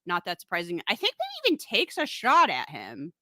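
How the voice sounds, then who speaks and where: Animated, sarcastic woman recapping a film. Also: lowish voice, brisk, no room sound. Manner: animated, sarcastic, swears freely. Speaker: podcast co-host. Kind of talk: casual comedic film recap.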